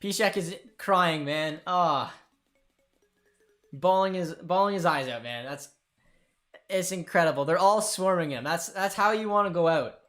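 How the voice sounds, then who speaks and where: Excited young man hosting a match stream. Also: high voice, a little slow, faint music behind. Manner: excited, emotional, calls out to viewers. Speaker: host of a football watchalong. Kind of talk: live match watchalong commentary.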